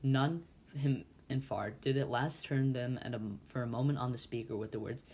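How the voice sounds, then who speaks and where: A man's voice: medium pitch, normal speed, a little mellow, a little hiss or hum. Man reading a novel aloud, stumbling often. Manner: frequent stumbles and restarts. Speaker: volunteer reader.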